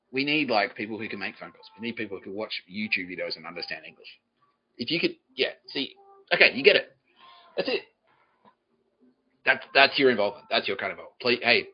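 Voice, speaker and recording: A man's voice: medium pitch, husky, highs cut off. A man hosting a comedy podcast, swearing often and laughing as he jokes with the live audience. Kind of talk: improvised comedy monologue, relaying a psychic's words.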